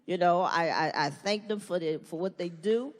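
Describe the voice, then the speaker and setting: A woman performing a stand-up comedy routine, animated and profane, acting out the voices of other people. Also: fairly low pitch, normal speed, slight background noise. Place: comedy stage before an audience. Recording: live stage recording with hall echo and audience.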